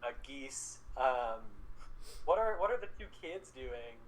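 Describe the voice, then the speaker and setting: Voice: mid-range voice, expressive, takes it slowly, slight background noise, poor audio. A game master narrating a tabletop game in a loose, rambling way, with lots of fillers and swearing.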